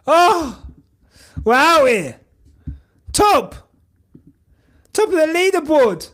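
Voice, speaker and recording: A man hosting a podcast, giving excitable, shouty live reaction commentary and swearing a lot. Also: very high voice, very slow, pauses often. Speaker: podcast host.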